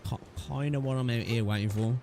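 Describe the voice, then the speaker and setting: A man's voice: mid-range voice, a little fast, warm tone, a little hiss or hum. A man streaming a game, chatting casually to his viewers and swearing often. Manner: chatty, swearing, talks to chat. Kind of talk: casual live gaming commentary. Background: faint game music.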